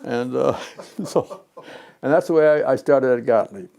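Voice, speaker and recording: A man in his nineties from Chicago, an interviewee and retired pinball designer telling memories in a rambling, animated way, acting out the voices of people in his stories. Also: mid-range voice, fairly quick, creaky, clean tone. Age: 90s. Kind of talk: reminiscing storytelling.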